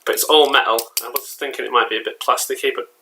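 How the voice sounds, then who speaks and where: Fast-talking and forceful, this man has a bright, medium-pitched voice with a steady tone. An English-accented collectibles vlogger, he rambles in casual chat at home with frequent fillers and restarts, recorded in poor audio.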